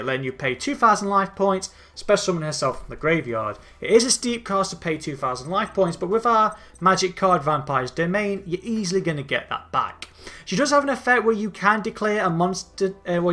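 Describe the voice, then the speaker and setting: A man's voice: on the high side, sharp tone. A man casually walking through a card game deck, chatty and prone to stumbling over names and restarting. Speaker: gaming channel host.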